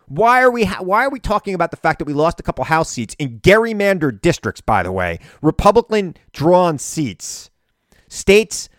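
A man hosting a political show, delivering an animated, indignant monologue full of rhetorical questions. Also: a little high, dry recording, clean studio sound. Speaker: political radio and podcast host.

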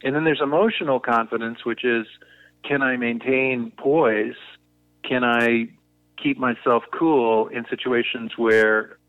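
A man speaks at an ordinary mid pitch, reflective and explanatory, circling back to restart his thoughts as he works through an idea. The sound is thin and phone-like, close and dry with no room around it. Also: fairly even intonation, a little slow, no echo. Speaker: guest, negotiation consultant. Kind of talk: conversational podcast interview. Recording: tinny phone-line audio.

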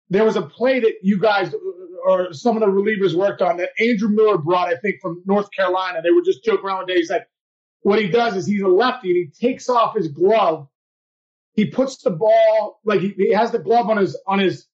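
Animated storytelling man on a dull podcast mic. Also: high voice. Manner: animated, laughing, acts out his own reactions. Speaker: podcast co-host, former player. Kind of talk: casual storytelling chat.

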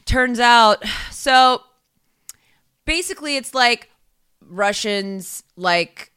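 A rambling, foul-mouthed woman co-host with a bright, smooth voice. She laughs often and backtracks as she goes. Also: on the high side, lively intonation, very slow. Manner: rambling, profane, laughs a lot. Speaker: podcast co-host. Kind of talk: casual chat.

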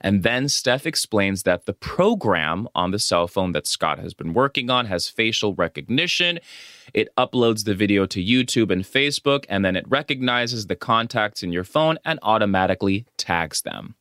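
A man co-hosting a casual podcast, recapping a film in a lively, freely swearing way. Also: on the low side, moderate pace, no echo, clean studio sound. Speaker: podcast co-host.

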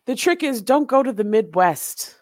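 A woman's voice: on the high side, normal speed. A woman co-hosting a casual chat, brash and joking, with plenty of swearing. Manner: brash, animated, swearing jokes.

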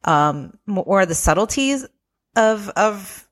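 A woman co-hosting a casual chat about a reality show, animated and slipping into quoted voices. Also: slow pace. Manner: animated, acts out quotes in high squeaky voices. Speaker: podcast co-host.

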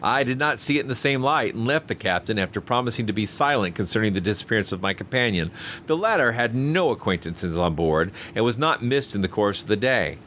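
A man reads a first-person tale aloud in a measured, expressive way. His voice is low but moves a lot in pitch. A faint hiss of noise sits under the recording. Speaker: audiobook narrator. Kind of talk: first-person story narration.

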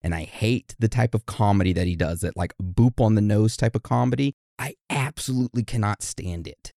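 Joking man reading birthday shout-outs. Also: lowish voice, fairly quick, vocal fry, dry recording, clean studio sound. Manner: joking, self-deprecating. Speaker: podcast co-host.

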